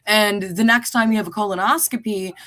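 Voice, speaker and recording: A woman's voice: mid-range voice, fairly even intonation, a little fast, a bit bright. A woman co-hosting a podcast, teasing and joking in a playful, mock-earnest tone. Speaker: podcast co-host. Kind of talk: joking casual chat.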